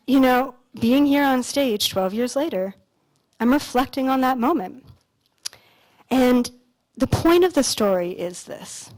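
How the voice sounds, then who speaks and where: A woman in her thirties, from Canada, speaks from a stage at an expo in a slightly high voice. She tells stories in a loose, animated way, peppering them with "like" and the occasional swear word, then slows down to address the crowd directly. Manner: casual, animated storytelling with frequent "like" and mild swearing. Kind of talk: motivational stage talk with storytelling. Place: stage at a large expo hall.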